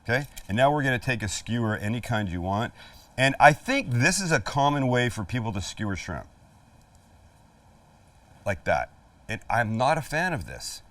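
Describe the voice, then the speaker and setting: A man's voice: mid-range voice, very animated, moderate pace, long pauses, fairly bright tone, no room sound. A middle-aged man hosting a casual cooking demonstration, chatty and joking as he talks the viewer through each step. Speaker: cooking show host. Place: outdoor kitchen at a flat-top grill. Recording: voice a little far from the mic, faint sizzle. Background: sizzling food on the grill.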